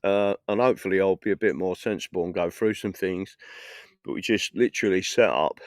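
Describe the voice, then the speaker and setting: A man's voice: low-pitched, fairly even intonation, a little fast, no room sound. A middle-aged man from England chatting on a casual livestream outdoors at a festival, rambling through stories, swearing and laughing at his own jokes. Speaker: political livestreamer. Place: outdoors at a festival field in the evening.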